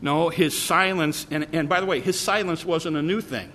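A man's voice: a little high, fairly even intonation, normal speed, pushed and bright, big-room sound, slight background noise. A man preaching a sermon, earnest and repetitive, reading scripture aloud and explaining it verse by verse. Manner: earnest, repeats words, reads scripture aloud.

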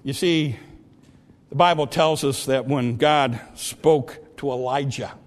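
A man preaching a sermon, swinging from loud, ringing calls to hushed, quiet lines. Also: medium pitch.

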